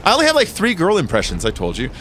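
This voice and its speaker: A man's voice: sits high, huge pitch swings, rapid-fire, fairly bright tone, a little hiss or hum. A man hosting a game stream, chatting casually and joking, rambling and swearing freely. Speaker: streamer and host.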